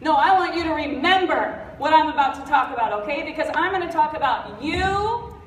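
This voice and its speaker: With a high-pitched, lively voice and a slightly fast pace, a middle-aged convention speaker gives a motivational talk that's blunt, energized, and full of jokes, though she sounds congested. The audio comes from a distance in a big convention hall, with a little hiss or hum.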